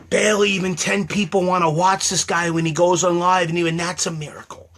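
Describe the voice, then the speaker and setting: A man's voice: high voice, little pitch movement, brisk, hardly any pauses, a bit bright. A man, a comedian, in a comic rant to camera, mock-indignant and exaggerated, repeating phrases over and over.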